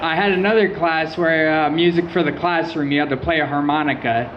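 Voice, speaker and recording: A man's voice: on the high side, brisk, lo-fi sound, slight background noise. Young man doing a stand-up set. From Michigan. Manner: deadpan storytelling with quoted asides. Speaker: stand-up comedian. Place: small venue with a live audience.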